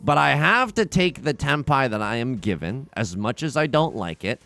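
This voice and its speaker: A young man giving casual, excitable commentary on his own gameplay, talking to viewers and trash-talking opponents. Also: mid-range voice, moderate pace, gravelly. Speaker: let's play host. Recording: game music underneath.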